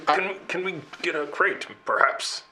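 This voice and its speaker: A man's voice: on the high side, measured pace, bright, forceful tone, a little hiss or hum. A man playing in a tabletop game, talking hesitantly with stammers and fillers. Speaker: player. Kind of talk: casual tabletop banter.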